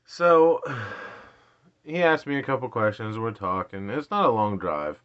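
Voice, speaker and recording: A man's voice: medium pitch, lively intonation, slow, fairly bright tone, smooth. Late-30s man, self-deprecating storyteller with frequent laughter; dull lo-fi recording. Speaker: vlogger. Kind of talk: casual storytelling.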